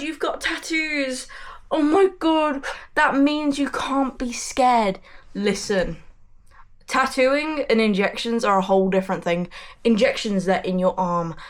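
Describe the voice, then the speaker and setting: A woman chats casually to her camera at a middle pitch, vlog-style and unpolished. She rambles and restarts her sentences, swears without a second thought, and speaks bluntly. She sounds like she is sitting in an ordinary room at home. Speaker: vlogger. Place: messy bedroom indoors.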